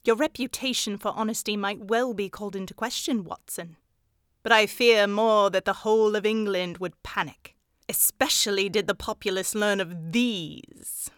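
A woman's voice: medium pitch, a bit bright, clean tone, no echo, studio quality, lightly acted. A woman doing a grave Victorian detective. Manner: measured, lecturing, grave. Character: calm, precise Victorian male detective. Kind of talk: audiobook character voice.

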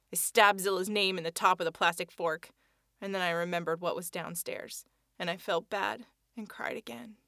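A woman's voice: mid-range voice, fairly bright tone, no room sound, studio quality. A woman narrating a first-person children's story in an earnest, childlike telling.

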